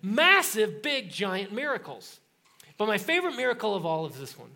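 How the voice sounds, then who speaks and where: A man with a rather high voice preaches to his congregation like he is chatting with friends. He tells the story with energy and humor, and now and then he jumps into the voices of the people in it. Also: normal speed, creaky. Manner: animated storytelling, acts out voices in quotes; casual, joking tone. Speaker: pastor. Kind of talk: sermon.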